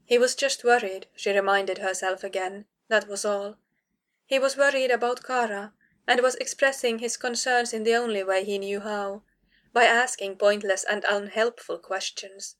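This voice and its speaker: A woman narrating a fantasy novel aloud, reading a tense scene with dramatic weight. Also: mid-range voice. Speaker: audiobook narrator.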